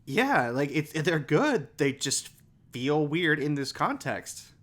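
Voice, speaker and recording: A man's voice: on the high side, very animated, slow pace, fairly bright tone. A man co-hosting a podcast, giving rambling, emphatic opinions in casual chat. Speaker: podcast co-host.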